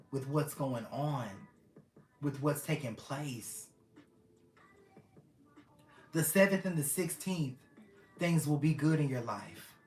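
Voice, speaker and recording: Earnest tarot reader in a roomy space. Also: mid-range voice. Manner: earnest, repeats phrases, addresses listeners fondly. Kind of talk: casual tarot reading to camera. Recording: roomy echo.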